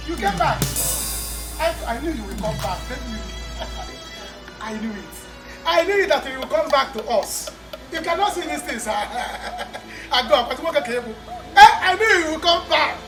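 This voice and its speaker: Woman playing a brash, boastful Nigerian bully. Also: high voice. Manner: loud, boastful, repetitive. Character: brash scheming woman bullying her family. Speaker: actor. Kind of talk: Nollywood film acting.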